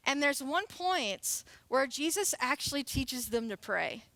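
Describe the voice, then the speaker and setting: A youth pastor in her late twenties gives a sermon in a high, light voice. She keeps it casual and playful and laughs often. The sound is dry and close, with no room echo. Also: very animated, unhurried, bright, forceful tone. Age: late 20s. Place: church sanctuary.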